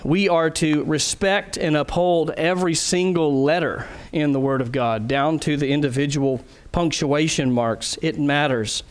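A man's voice: a little high, unhurried, hardly any pauses. A man preaching a sermon as a pastor, earnest and emphatic, putting direct questions to his listeners.

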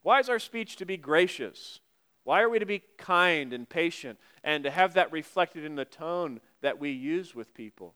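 Man, pastor, sermon, smooth clear voice, slightly high pitch, conversational with wry asides. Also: animated, pushed and bright. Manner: conversational, wry asides, quoting scripture slowly.

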